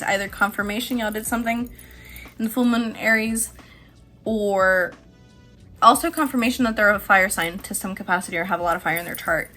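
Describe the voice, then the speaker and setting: Woman, casual tarot reader, chatty and animated, mid-range voice, faint background music. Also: mid-range voice. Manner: chatty, animated, swearing, laughing often.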